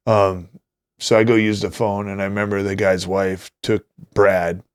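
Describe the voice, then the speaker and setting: A middle-aged man with a fairly low voice tells an anecdote in relaxed conversation, jumping up into quoted voices as he acts out the people in it. The sound is close and dry with no room to it. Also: moderate pace, clear, resonant tone, dry recording. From North Dakota, US. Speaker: guest, retired Army Ranger. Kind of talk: casual storytelling.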